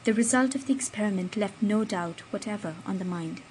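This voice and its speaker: A woman's voice: medium pitch, darkish tone, a little hiss or hum, low-quality recording. Woman reading a classic novel aloud. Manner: measured storytelling. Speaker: audiobook narrator. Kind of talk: scripted narration.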